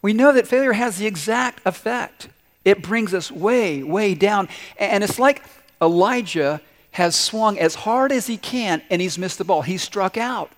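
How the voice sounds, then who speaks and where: A man's voice: high voice, animated, unhurried, in a large hall. A male pastor preaching a sermon, telling stories with acted-out quotes and putting questions to the congregation.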